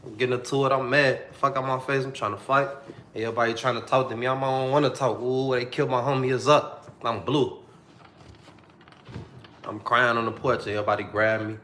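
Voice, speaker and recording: A man's voice: medium pitch, steady tone, brisk, bright, forceful tone, echoey room, slight background noise. A young man telling a personal story to the camera in a slangy, repetitive, heartfelt way.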